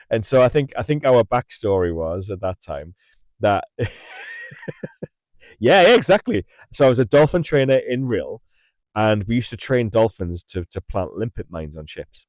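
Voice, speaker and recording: A middle-aged man from England sits in a parked car hosting a livestream, telling a rambling story as a casual chat while laughing and repeating himself often. His voice is lowish and darkish, recorded on a mic in the car with no echo.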